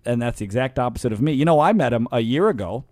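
A man's voice: mid-range voice, fast talker, no room sound, clean studio sound. A man in his forties hosting a comedic radio chat, joking and mocking himself. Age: 40s. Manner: joking, self-mocking, lively. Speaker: radio host.

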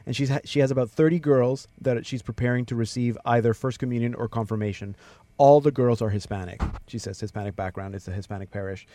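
A man hosting a radio show in casual chat, reading listener prayers out slowly. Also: medium pitch, dark tone. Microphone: studio microphone.

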